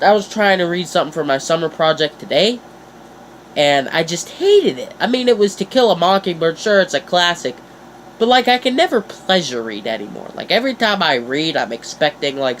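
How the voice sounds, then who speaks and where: A teenage boy vlogging in a casual, chatty way, playful and animated, jumping up in pitch for emphasis. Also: moderate pace, slight background noise. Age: teens. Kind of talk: casual chat to camera.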